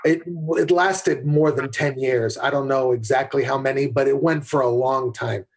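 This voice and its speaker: A man's voice: mid-range voice, fairly even intonation, moderate pace, husky. A middle-aged man, a guest on a podcast, telling candid stories from his camera career, often restarting his sentences. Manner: candid anecdotal storyteller with frequent restarts. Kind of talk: conversational storytelling.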